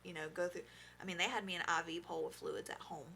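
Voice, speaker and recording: A young woman guest on a podcast shares a painful personal story, speaking haltingly and from the heart with many "you know" fillers. Her middle-pitched voice is sharp in tone with noticeable gravelly fry and fairly even intonation, and a faint hiss sits under the studio recording.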